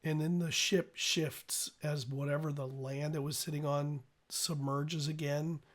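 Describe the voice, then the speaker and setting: A man narrating as game master, describing scenes in a loose, halting way with restarts. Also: a little high, little pitch movement.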